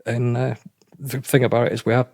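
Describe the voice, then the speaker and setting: A middle-aged man with a halting way of talking, often restarting and repeating himself as he tells a personal story in an interview. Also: mid-range voice, level tone, vocal fry, darkish tone, no echo, clean studio sound. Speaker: interview guest. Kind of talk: emotional personal account.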